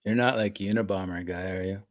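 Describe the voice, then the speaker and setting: Male radio guest in his 40s, lowish voice, dry sound, relaxed friendly banter. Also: a little fast, dry recording. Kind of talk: casual radio interview chat.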